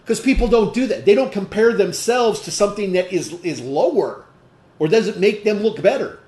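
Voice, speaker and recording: A man's voice: high voice, expressive, moderate pace, darkish tone. A man giving a training talk to distributors, emphatic, asking the audience rhetorical questions and checking in with frequent "okay?". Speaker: sales trainer. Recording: echoey room.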